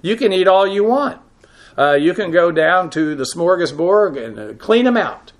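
A man's voice: sits high, big pitch swings, normal speed. A middle-aged man giving a teaching sermon on scripture, explaining Greek grammar with frequent filler "uh"s. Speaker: Bible teacher.

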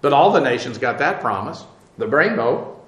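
A man teaching the Bible verse by verse, halting with many "uh"s as he spells out Hebrew words, then pressing his points emphatically. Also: medium pitch, expressive, fairly bright tone, echoey room. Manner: emphatic, preacherly warnings.

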